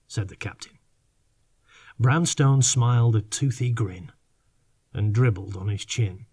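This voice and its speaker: A man narrating a fiction audiobook in measured, unhurried reading. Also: fairly low pitch, darkish tone, breathy edge. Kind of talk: scripted narration.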